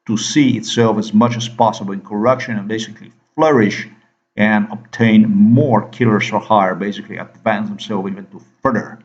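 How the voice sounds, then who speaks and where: Agitated man with a low voice. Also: a little mellow, lo-fi sound. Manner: agitated, repetitive, addresses the listener with questions. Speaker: vlogger. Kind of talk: rambling monologue to camera.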